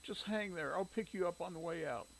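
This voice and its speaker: A man voicing a sick, stressed, quick-tempered mother in a storybook reading, harried and coughing. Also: sits high, gravelly, a little hiss or hum, pitched above the performer's own voice, rough recording. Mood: tired.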